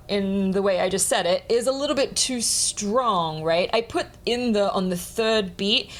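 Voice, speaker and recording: A woman composer giving a clear, explanatory lesson, sometimes speaking words slowly to a beat. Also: medium pitch, animated. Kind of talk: instructional talk on music.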